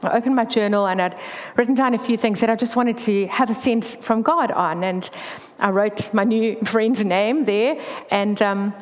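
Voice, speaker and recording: A woman with a mid-range voice speaks at a moderate pace, her words carrying a long hall reverb. She shares a candid faith testimony, telling her story earnestly.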